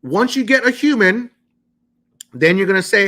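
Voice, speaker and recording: A man's voice: high voice, animated, fairly quick, pauses often, sharp tone. A man coaching viewers through a live-streamed how-to talk, tacking "okay?" onto nearly every point. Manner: talks insistently, repeating "okay?" after nearly every point. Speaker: credit repair educator.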